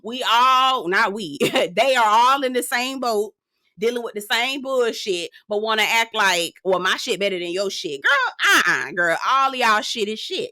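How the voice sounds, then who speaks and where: Sassy, bright-voiced woman recapping reality TV. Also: dry recording, clean studio sound. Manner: sassy, animated storytelling, swings pitch for emphasis. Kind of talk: casual recap commentary.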